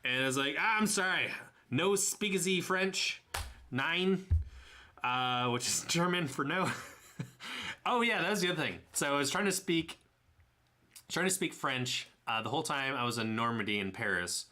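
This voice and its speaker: Bright-voiced Tennessee man rambling casually. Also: mid-range voice, expressive, normal speed. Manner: rambling, self-correcting, chuckling. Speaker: travel vlogger. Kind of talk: casual voice-over narration of trip photos.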